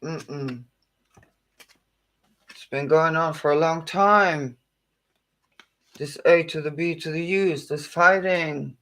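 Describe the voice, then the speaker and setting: Slow, gravelly man reading tarot. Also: fairly high pitch, pushed and bright, poor audio. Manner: earnest and emotional, with long pauses. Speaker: tarot reader. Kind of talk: emotional live tarot reading.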